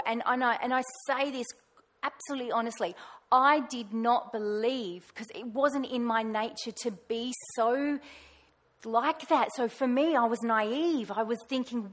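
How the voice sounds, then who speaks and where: A woman tells a personal faith story from the front. She talks in a lively, animated way and acts out her own past words in a raised voice. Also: a little high, measured pace. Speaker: pastor's wife sharing testimony. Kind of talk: personal testimony talk.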